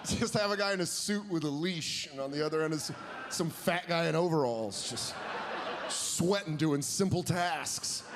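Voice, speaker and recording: A young man doing a profane, animated stand-up routine on stage, jumping into exaggerated quoted voices. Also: a little high, normal speed. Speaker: stand-up comedian. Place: stage before a live audience. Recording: live show with audience noise.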